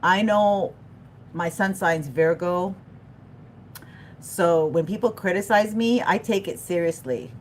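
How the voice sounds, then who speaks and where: A middle-aged tarot reader gives a livestream reading, chatting with viewers, laughing often, and losing her thread as she drifts off topic. She's animated and chatty, yet her lowish voice moves slowly with long pauses. There's a little hiss or hum.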